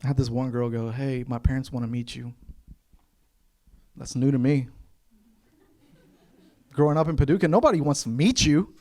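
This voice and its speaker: Speaking at a moderate pace in a mid-range voice, often pausing, a young Kentucky comic does a set in front of a live club crowd. He tells his stories animatedly, voicing the other characters in them.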